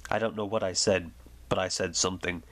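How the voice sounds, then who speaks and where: Man, low voice, soft slow soothing reading, ASMR bedtime story. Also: steady tone. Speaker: reader.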